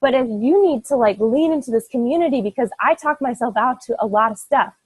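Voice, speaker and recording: A woman's voice: a little high, fairly quick, slightly rough, dry recording, low-quality recording. A young woman coaching her fitness team, giving an earnest, emphatic motivational talk full of "like"s. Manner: earnest, emphatic, rambling with many "like"s.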